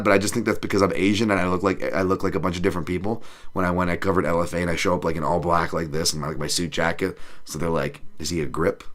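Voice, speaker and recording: A man hosts a podcast in loose, casual talk, reading out chat messages and answering them with plenty of swearing and self-mocking jokes. His voice sits a little low and has a bright, forceful edge. He laughs easily and drops into silly voices now and then. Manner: profane, self-deprecating, reads chat aloud; laughs often, does funny voices. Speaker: podcast host. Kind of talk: casual live-stream chat.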